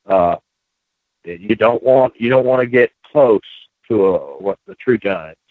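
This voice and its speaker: Brief: low-voiced male guest, stop-start delivery, dry phone line. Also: no room sound. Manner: halting, many restarts and fillers. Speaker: guest researcher. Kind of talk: phone-in radio interview.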